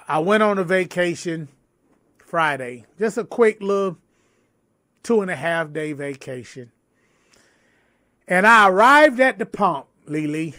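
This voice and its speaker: High-pitched guy joking around on a livestream talk show, slangy and laid-back, dry close sound. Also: lively intonation, slow pace, long pauses, bright, forceful tone, no room sound. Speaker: podcast co-host. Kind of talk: casual livestream chat.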